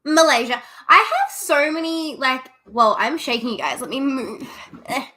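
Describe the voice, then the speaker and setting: Bright, giggly Australian woman streamer. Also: high voice, big pitch swings, moderate pace. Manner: chatty, giggly, self-deprecating. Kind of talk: casual livestream chat with viewers.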